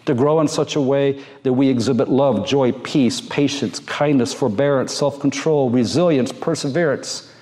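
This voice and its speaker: A man, a pastor, preaching a sermon in a slow, gentle and earnest way, with drawn-out pauses. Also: medium pitch.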